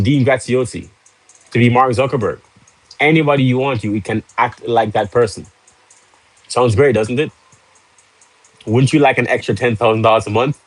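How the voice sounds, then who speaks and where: On a low-quality, echo-free recording, a medium-pitched man hosts a live stream. He's casual, salesy and pushy, firing rhetorical questions at viewers, joking with the chat and laughing easily.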